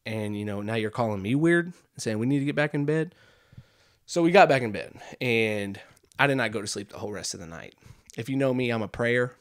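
Young guy rambling thru a funny story on his podcast, gets loud then goes real quiet and deadpan. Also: medium pitch, brisk. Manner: rambling, animated, drops to hushed deadpan asides. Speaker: podcast host. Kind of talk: comedic storytelling monologue.

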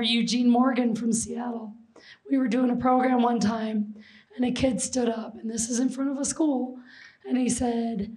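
A woman presenter telling a story to an audience, animated and acting out the quotes. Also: fairly high pitch, rough recording.

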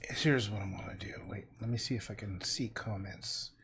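A man's voice: lowish voice, normal speed, noisy background. A man chatting casually on a livestream while he paints, often muttering and half-whispering asides to himself, from his home studio.

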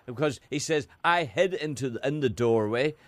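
A man's voice: mid-range voice, animated, normal speed, no room sound. A man on a radio show, picking apart the host's story in an argumentative way. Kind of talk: radio banter.

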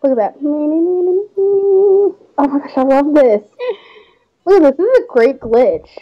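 A young woman chats through a game livestream with bubbly, giggly energy. Her voice sits high and swings widely in pitch as she talks. The audio is slightly muffled. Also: expressive, takes it slowly. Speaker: livestream host. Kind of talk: casual game-stream chat.

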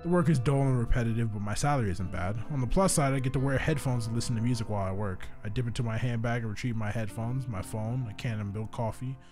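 A young man narrates a story game, reading its lines aloud and then erupting into excited, swear-filled reactions. His voice is mid-pitched, with soft music playing underneath. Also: fast, hardly any pauses. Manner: profane, hyped, excitable. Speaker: gaming YouTuber. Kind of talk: let's play commentary and reading game text aloud.

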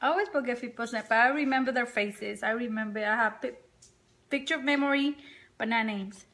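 Tired, chatty woman with a high voice. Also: brisk, a bit bright. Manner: chatty, rambling, talks to viewers and dog. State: tired, sleepy. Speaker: makeup vlogger. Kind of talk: casual live-stream chat. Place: home, indoors. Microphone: phone or webcam.

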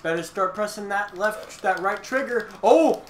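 A man's voice: high voice, normal speed, pushed and bright. A man playing a fighting game with friends, trash-talking and swearing like a mock commentator. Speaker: gamer. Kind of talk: casual let's play banter. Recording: echoey room, faint hiss.

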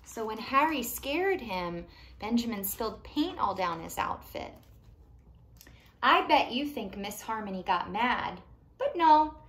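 A woman reading a picture book aloud to young children, animated and pausing to ask them questions. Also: on the high side. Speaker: children's storytime reader.

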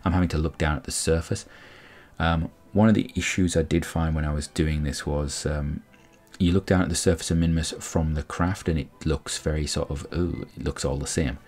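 A man's voice: extremely low pitch, darkish tone. A man giving casual, rambling commentary on a space game, explaining each step as he goes. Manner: rambling, explanatory, frequent restarts. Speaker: gameplay commentator.

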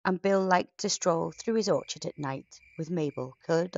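A woman reading a rhyming bedtime story in a gentle, measured, rhythmic way. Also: fairly low pitch, creaky, lo-fi sound.

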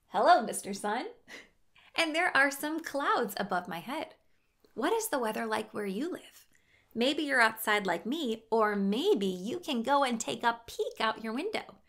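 A woman's voice: fairly high pitch, sharp tone. A young woman hosting a toddler learning show outdoors, talking and singing in a sing-song way, with gasps and coaxing questions for the children. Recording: ukulele music playing underneath.

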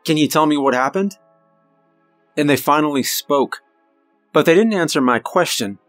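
A man narrating a scripted horror story in the first person, with measured, suspenseful delivery and dramatic pauses. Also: fairly high pitch, a bit bright, no room sound, soft background music.

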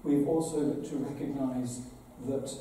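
Mellow-voiced bishop in an echoing hall. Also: male voice, mid-range voice, steady tone, measured pace. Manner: earnest, conversational, dramatic retelling. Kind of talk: address to an assembly. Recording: very echoey hall, voice from far off, faint noise.

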